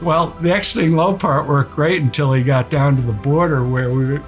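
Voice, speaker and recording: An older man, a retired naval aviator, recounting a combat mission in a relaxed storytelling way with many fillers. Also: fairly high pitch, normal speed, soft background music.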